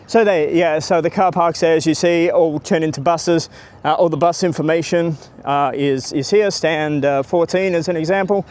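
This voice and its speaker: Male travel vlogger, casual and rambling, higher pitch, outdoors on the move. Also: fairly even intonation, moderate pace, few pauses, darkish tone. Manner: chatty and rambling, greets passers-by. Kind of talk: casual walking tour vlog. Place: outdoors by a city stadium, walking.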